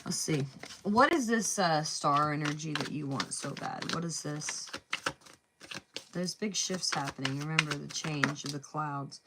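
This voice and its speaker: A woman's voice: sits low, unhurried, heavy background noise. A woman with a Southern US accent giving a casual tarot reading, chatty and thinking aloud, saying "y'all" and "man". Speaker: tarot reader.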